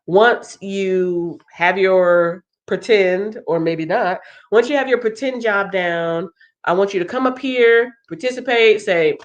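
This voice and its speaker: A woman's voice: medium pitch, slow pace, dull audio. A woman hosting a casual livestream walkthrough. She sounds congested and thinks aloud in a chatty way. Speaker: livestream host.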